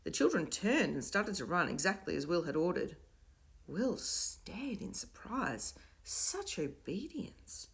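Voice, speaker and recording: A woman narrating a children's storybook in an expressive, varied way. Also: on the low side, measured pace, creaky. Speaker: audiobook reader.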